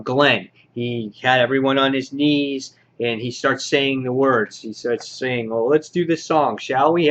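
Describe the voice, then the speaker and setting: A man giving a casual comic book review, rambling with many filler words and getting excited as he goes. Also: medium pitch, muffled recording.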